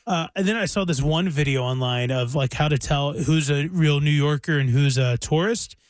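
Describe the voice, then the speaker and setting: A man's voice: on the high side, normal speed, no room sound. A man who grew up in the American South, co-hosting a radio chat show and reading off a list with playful asides. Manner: chatty, playful, trails off with fillers.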